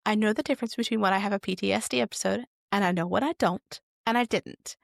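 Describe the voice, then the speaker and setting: A woman on a casual podcast tells stories with plenty of swearing and quick acted-out quotes. Her voice sits at an ordinary middle pitch. The sound is close and dry, with no room around it. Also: gravelly, dry recording. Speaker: podcast co-host.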